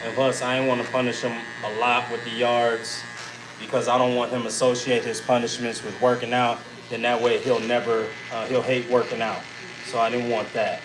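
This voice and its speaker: Animated, cussing man telling a story. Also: medium pitch, normal speed, echoey room, noisy background. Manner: animated, swears a lot, acts out his own shouting. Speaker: podcast host. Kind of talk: casual storytelling chat.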